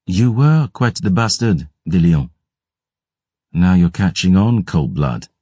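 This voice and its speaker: A man's voice: low voice, animated, slow, dark tone, breathy edge, no echo, clean studio sound, pitched above the performer's own voice, exaggerated voice. A man voicing a cold, sardonic male vampire scribe in a mocking drawl for an audiobook. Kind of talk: audiobook character voice.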